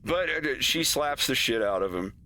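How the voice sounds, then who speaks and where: A man's voice: medium pitch, expressive, moderate pace, pushed and bright. A man chatting casually on a stream about his cartoon's scenes, rambling, laughing often and acting out his characters' lines. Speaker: animator streaming his work.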